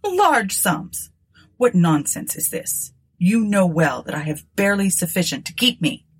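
A woman's voice: lowish voice, sing-song, moderate pace, husky. A woman reading aloud voicing a grim, miserly, scornful woman in a storybook, with a harsh, menacing manner.

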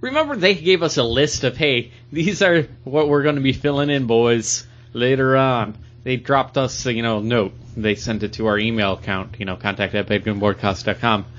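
A man's voice: medium pitch, normal speed, few pauses, a bit bright. A man joking his way through a casual podcast chat. His voice sits in the middle range, and the recording sounds a little dull. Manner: joking, offhand. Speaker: podcast co-host.

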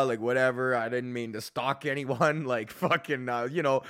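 A young man, hosting a podcast in a casual, profane rant, animated and mocking the people he quotes. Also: medium pitch, a little fast, hardly any pauses, clear, resonant tone. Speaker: podcast host.

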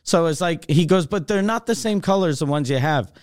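A man's voice: on the high side, brisk, dry recording, clean studio sound. Foul-mouthed male podcast storyteller. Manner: animated, swears constantly, acts out both sides of dialogue. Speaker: comedian podcast host. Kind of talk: casual storytelling chat.

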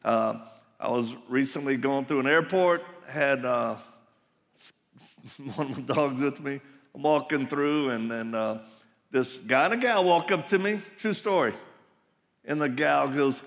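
A man preaches at a live conference, his voice gravelly and rough. He tells stories in a folksy way, full of asides to the crowd. The sound rings out with long reverb in a large hall. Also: medium pitch, unhurried, a bit bright. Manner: folksy storytelling with laughs and asides. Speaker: conference speaker. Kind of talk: live sermon to men.

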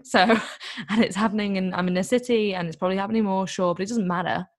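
A woman telling a story in a casual, chatty way, full of "like" and quick asides. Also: medium pitch, fairly even intonation, no room sound, studio quality. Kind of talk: casual chat.

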